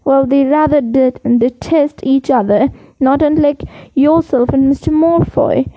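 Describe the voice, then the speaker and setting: A woman's voice: high voice, fairly even intonation, a little slow, dry recording, muffled recording. Dumbledore, read by a woman. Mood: musing. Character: elderly male wizard headmaster, whimsical and dreamy.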